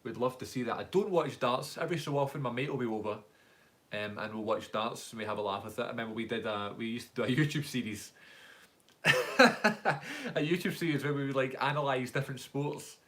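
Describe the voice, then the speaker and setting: A man's voice: mid-range voice, a little fast, a bit bright. A young man with a Scottish accent, talking into his phone's front camera during a live stream. He rambles in a loose, chatty way, answering viewers' questions and reading out their comments. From Scotland. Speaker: YouTuber hosting a live Q&A. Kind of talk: casual live-stream chat.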